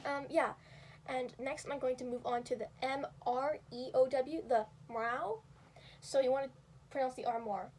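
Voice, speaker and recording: A woman's voice: sits high, fairly even intonation, normal speed, a little mellow, recorded from a distance, a little hiss or hum. A young woman casually explaining how to make cat sounds, rambling with lots of fillers and small laughs at herself. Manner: rambling, filler-heavy, self-deprecating. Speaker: video creator teaching cat vocals. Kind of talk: casual tutorial talk.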